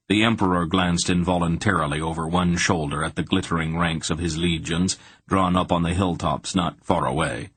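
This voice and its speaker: Deep husky male audiobook narrator. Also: normal speed, a bit bright, dry recording.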